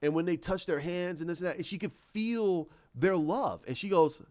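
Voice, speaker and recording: A man retelling a story idea in casual talk, animated and full of restarts and sound effects as he acts out the scenes. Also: sits high, normal speed, dull audio. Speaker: channel host.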